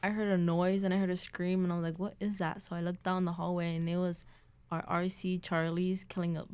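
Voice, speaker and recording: A woman's voice: lowish voice, flat delivery, fairly quick, darkish tone, smooth. A teenage girl student talking about her program in a hesitant casual chat, with many fillers. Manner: hesitant, lots of ums and likes.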